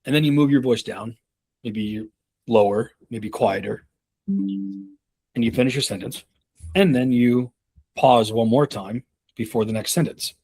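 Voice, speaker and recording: A man's voice: medium pitch, a little slow, pauses often, mellow, breathy edge, faint music behind. A man in his thirties coaching on a call, casual and rambling, with many fillers and restarts. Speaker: sales leadership coach.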